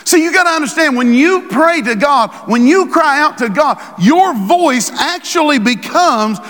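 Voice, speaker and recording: A man preaching a sermon as pastor, building to shouted emphasis and quoting scripture. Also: very high voice, expressive, measured pace, big-room sound. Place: church sanctuary.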